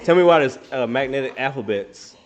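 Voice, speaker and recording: A man's voice: mid-range voice, a little fast, heavy background noise. A young man, a father, co-hosting a podcast and acting out conversations as he talks. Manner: expressive, acts out quotes. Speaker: podcast co-host. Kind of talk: casual chat.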